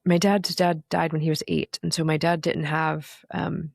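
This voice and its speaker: A middle-aged woman talks candidly as a podcast guest, earnest and reflective, with lots of fillers. Her voice has a gravelly fry to it and sits at an ordinary pitch. The sound is close and dry. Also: little pitch movement, normal speed, no echo. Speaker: podcast guest, recovery coach. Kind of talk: candid conversational interview.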